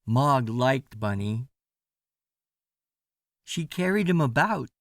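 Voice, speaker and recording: A man reading a children's storybook aloud as a bedtime story, slow and sing-song with lots of expression. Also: mid-range voice, animated, a bit bright, no echo, clean studio sound.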